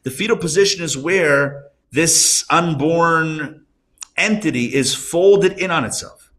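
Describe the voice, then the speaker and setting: A man, a rabbi, teaching a live class around a table, conversational and animated, asking rhetorical questions. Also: a little high, slow pace. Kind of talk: live Torah class lecture.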